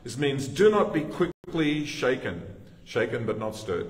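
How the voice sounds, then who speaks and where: This pastor is an Australian man delivering a conversational sermon in a church sanctuary, breaking off now and then to address the congregation directly. He speaks unhurriedly at a medium pitch, his voice swinging widely up and down. It's recorded from a distance in an echoey hall.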